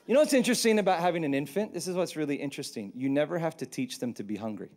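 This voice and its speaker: A pastor in his thirties delivers a sermon, telling stories with lively humor. His voice sits on the higher side for a man, and he swings between punchy jokes and quieter points. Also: rapid-fire. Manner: animated, humorous storytelling.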